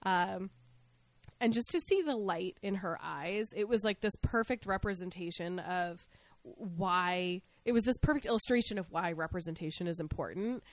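A woman co-hosting a podcast, chatting casually as she recaps a TV episode, outspoken and animated, acting out the characters' lines. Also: lowish voice, moderate pace, no room sound. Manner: animated, outspoken, acts out scenes. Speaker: podcast co-host.

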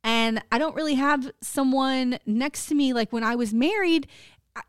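A woman's voice: high-pitched, moderate pace, clean tone, no echo, studio quality. A middle-aged woman co-hosting a podcast, chatting casually and candidly, swearing freely. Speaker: podcast co-host. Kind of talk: casual chat.

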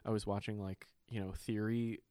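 A man co-hosting a podcast in casual chat, animated and sarcastic, swearing freely. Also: fairly low pitch, moderate pace, no echo, studio quality. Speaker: podcast co-host.

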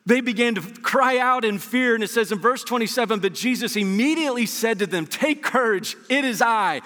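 A man's voice: high-pitched, pushed and bright, big-room sound. A man preaching a sermon as pastor, talking conversationally and acting out scenes from scripture.

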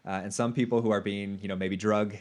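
A man's voice: fairly low pitch, flat delivery, fast talker. A man hosting an interview, enthusiastic, stammering a little as he starts sentences. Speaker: podcast host. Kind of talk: conversational interview.

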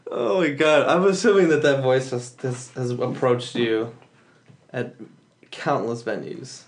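A young man hosting a casual podcast, working through his thoughts with frequent restarts and corrections. His voice sits at a middle pitch. A faint hiss runs under the recording. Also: reverberant. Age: young adult. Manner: halting, full of restarts and self-corrections. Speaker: podcast host. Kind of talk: casual chat.

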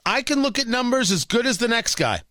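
Animated, opinionated male radio host. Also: very high-pitched, a little fast, no room sound, studio quality. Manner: emphatic, opinionated, repeats phrases for effect. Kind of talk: political talk radio commentary.

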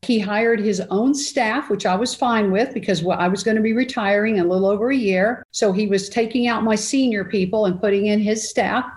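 A woman in her sixties tells her story with plenty of energy. Her voice sits at a middle pitch, and she acts out each quote with big jumps in pitch. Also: a little fast, few pauses. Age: 60s. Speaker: guest. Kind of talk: storytelling interview.

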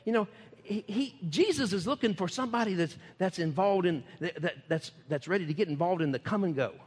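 A man's voice: sits high, lively intonation, fairly quick, darkish tone, breathy edge, long reverb tail. A man, preaching in a folksy, emphatic way and laughing often. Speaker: ministry speaker. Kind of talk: preaching talk.

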